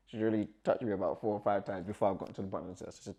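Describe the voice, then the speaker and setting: Young man, lowish voice, guest recounting his story with lively, acted-out dialogue. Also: racing, creaky, hardly any pauses, slightly rough. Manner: animated, acts out quoted dialogue, nervous laughs. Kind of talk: personal storytelling.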